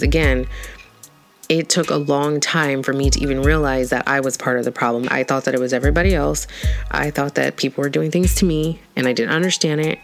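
Woman, candid personal vlog, frank and casual with easy laughs and swearing; faint background music. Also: rumbling low. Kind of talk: candid personal talk to camera.

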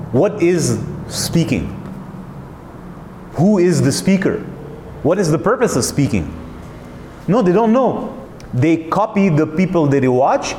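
A man speaking in a fairly high voice, emphatic and searching, with rhetorical questions and frequent restarts. The room is echoey and carries a faint hum of noise behind him. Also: mellow. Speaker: host. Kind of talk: reflective monologue.

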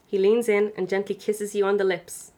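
A woman's voice: medium pitch, level tone, moderate pace, mellow. Giggly young woman reading aloud. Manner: giggly, self-mocking, laughing through the reading. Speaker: podcast co-host reading her old fan fiction aloud. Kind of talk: reading aloud with comic asides.

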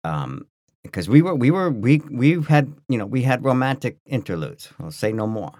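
A man co-hosting a podcast, telling a story in a rambling, animated way full of restarts and fillers. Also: mid-range voice, moderate pace, no echo, studio quality. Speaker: podcast co-host. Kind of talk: casual storytelling chat.

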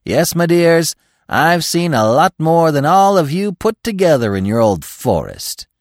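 A man's voice: lowish voice, unhurried, no room sound, clean studio sound. A man doing a boastful young buck. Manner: boastful, lively. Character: young male deer, boastful and cheerful.

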